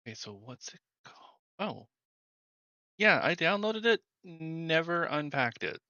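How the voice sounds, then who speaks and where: A man's voice: fairly high pitch, sing-song, a little slow, pushed and bright, no room sound, muffled recording. A man streaming a game, chatting casually and thinking aloud as he hunts through his files. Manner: distracted, thinking aloud while hunting for files. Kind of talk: casual gameplay chat.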